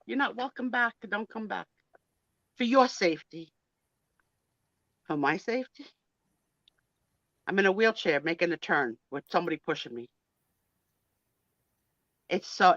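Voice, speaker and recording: A woman in her sixties chats bluntly and jokes at her own expense. Her pitch swings up and down a lot. The sound is dry and a little dull, like lo-fi video-call audio. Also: no echo. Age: 60s. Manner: blunt, joking, self-mocking. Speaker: guest on a live chat show. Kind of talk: casual live video chat.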